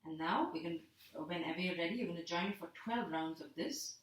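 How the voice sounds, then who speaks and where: Woman yoga teacher, lowish calm voice, gentle guided breathing cues, recorded far off in a very echoey room. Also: brisk. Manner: calm, gentle cueing with repeated counts.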